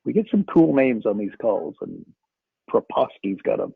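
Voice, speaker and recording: A man hosting a casual coaching Q&A call, upbeat and joking, with quick banter. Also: mid-range voice, wildly swooping pitch, vocal fry, slightly rough, dry recording. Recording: tinny phone-like line.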